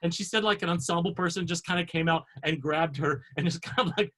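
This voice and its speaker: A man's voice: fairly high pitch, fairly quick, sharp tone. A man co-hosting a casual online chat over a video call, talking in a chatty, giggly way with many fillers. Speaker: co-host.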